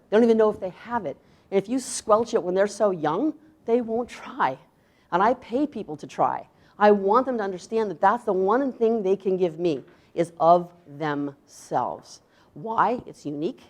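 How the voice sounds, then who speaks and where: Emphatic woman chef giving a talk. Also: on the low side. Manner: emphatic, rhetorical questions; acts out quoted voices. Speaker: chef presenter. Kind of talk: conference talk.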